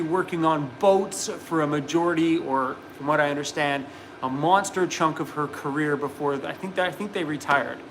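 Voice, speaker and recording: A man's voice: a little high, fairly bright tone, slight background noise, rough recording. Upbeat man rambling on a phone livestream. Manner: rambling, upbeat, talks to his dog. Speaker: vlogger hosting a live stream. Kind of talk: casual live-stream chat. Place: workshop. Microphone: phone camera.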